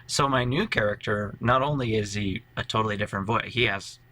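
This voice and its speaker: A man's voice: lowish voice, fairly quick, bright, forceful tone. A man co-hosting a casual podcast about tabletop role-play, rambling animatedly with lots of fillers. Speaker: podcast co-host, tabletop player.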